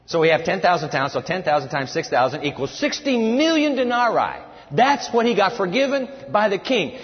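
A man preaching a sermon from scripture, emphatic and animated, telling his listeners to write things down. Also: a little high. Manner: animated and emphatic, tells listeners to take notes. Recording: reverberant hall, dull lo-fi sound.

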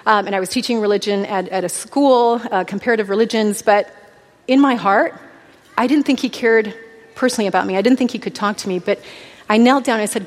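A woman's voice: medium pitch, fairly quick. A woman in her thirties giving an earnest, heartfelt testimony sermon to a church. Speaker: speaker at a church. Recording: long hall reverb.

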